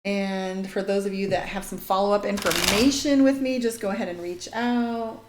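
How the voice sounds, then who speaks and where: A woman's voice: medium pitch, fairly even intonation, moderate pace. Blunt, chatty woman psychic on stream. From Irish heritage. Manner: blunt, chatty, swears casually, reads out viewer comments. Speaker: psychic doing live tarot readings. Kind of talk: casual live-stream reading. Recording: echoey room with faint noise.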